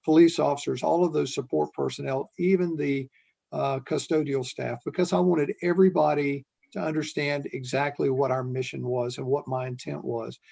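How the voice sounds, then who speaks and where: An older man, a retired police chief, telling a story in an earnest, unhurried way as an interview guest. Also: fairly high pitch, steady tone, vocal fry, warm tone.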